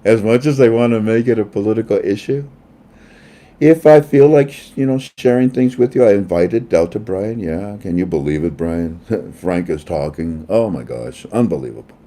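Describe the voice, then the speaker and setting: A man's voice: on the low side, expressive, normal speed, mellow. A man hosting an online talk show, ranting heatedly about politics and mocking his opponents with laughs.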